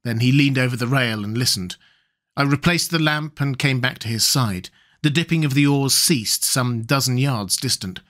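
A man reading a horror short story aloud in a measured, steady storytelling voice. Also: medium pitch. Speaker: audiobook narrator. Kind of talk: scripted narration of a horror story.

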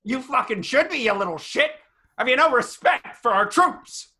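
A man's voice: a little high, lively intonation, slow pace, exaggerated voice. A man playing Rat Shit, a manic, filthy rat host. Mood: mocking cruel. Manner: hammy, shouting, cackling, crude. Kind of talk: comedic stage-play reading.

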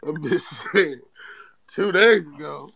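A man's voice: fairly high pitch, takes it slowly, vocal fry, fairly bright tone, muffled recording, slight background noise. A young man chatting and joking in slang with his friends after a prank call. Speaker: prank caller.

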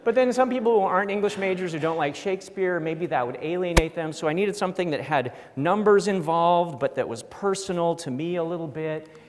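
Middle-aged guy professor joking thru a lecture, slightly high voice, big echoey hall. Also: brisk, hardly any pauses, slight background noise. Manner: wry, self-deprecating, acts out quotes. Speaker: professor giving an award lecture. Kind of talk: humorous academic lecture. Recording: long hall reverb.

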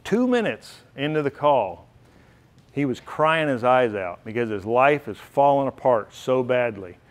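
A man's voice: mid-range voice, sing-song, a little slow. A middle-aged man giving an earnest, heartfelt storytelling speech at a banquet. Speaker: banquet speaker. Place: banquet hall.

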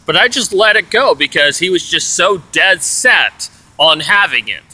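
A man's voice: high-pitched, animated, a little slow, sharp tone, rough recording. A man telling an aggrieved story in a rambling, casual rant, full of "you know"s. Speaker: vlogger.

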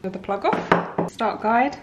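Slow, chatty woman in an echoey kitchen. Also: fairly high pitch. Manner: chatty, homely, rambling asides. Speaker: vlogger. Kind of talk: casual kitchen vlog chat. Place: home kitchen, indoors. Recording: echoey kitchen, clear background noise.

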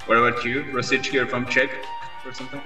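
A man's voice: medium pitch, level tone, fast talker. A curious man calling out guesses from the crowd, heard from a distance on a roomy, echoey mic. Music plays behind him. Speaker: audience member.

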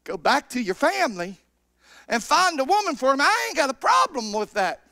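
Brief: easygoing streetwise manservant, stammering and slangy, as a preacher acts him out in a sermon. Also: male voice, very high-pitched, sing-song, moderate pace, bright, forceful tone, no room sound, studio quality, pitched above the performer's own voice, full character voice. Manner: laid-back, slangy, stammering. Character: casual streetwise male servant talking to his boss.

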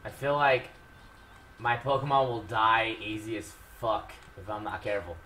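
A young man commentating his own gameplay with heavy swearing, shifting from low mutters to loud outbursts. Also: fairly even intonation, normal speed, slight background noise. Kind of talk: Let's Play commentary.

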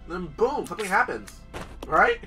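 An excitable man talks casually through his gameplay, often breaking into shouts. His voice sits a little high and sounds bright and lively, swinging widely in pitch. He is recorded from a distance from the mic, with game music playing faintly behind him. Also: normal speed. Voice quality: excitable, squeals and shouts in disgust. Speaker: gaming video host. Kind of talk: casual let's-play commentary.

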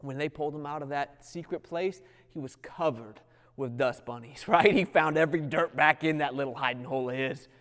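A man's voice: fairly high pitch, fairly quick, fairly bright tone, big-room sound. Preaching man with big dynamic swings. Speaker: pastor. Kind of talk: sermon.

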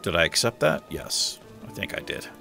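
A man's voice: fairly low pitch, big pitch swings, moderate pace, gravelly, sharp tone, soft background music. A man casually commenting on his gameplay as host, swearing freely and joking sarcastically. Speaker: gaming host. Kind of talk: let's play commentary.

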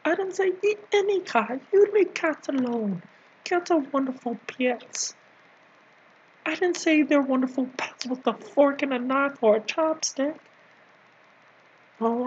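This improvised comedy rant has a man voicing a bossy nanny character who scolds, teases, rambles and drops into sudden whispers. His put-on voice is extremely high with a darkish tone, recorded lo-fi with a little hiss or hum. He's a video creator.

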